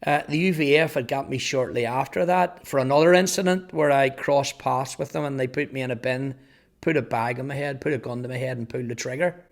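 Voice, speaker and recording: A man in his fifties with a Northern Irish accent, earnestly telling his life testimony, halting at times over repeated words. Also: medium pitch, vocal fry. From Northern Ireland. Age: 50s. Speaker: testimony speaker. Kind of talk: personal testimony storytelling.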